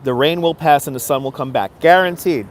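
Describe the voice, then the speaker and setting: In a casual phone live stream from a city street, a man in high spirits says hello to viewers by name and pushes them to stay motivated. His voice runs a little high and his delivery is brisk.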